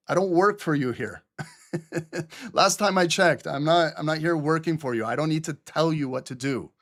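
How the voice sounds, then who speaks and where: A man's voice: a little high, moderate pace. A middle-aged man hosting a live trading stream, blunt, sarcastic and profane, with typing heard behind him.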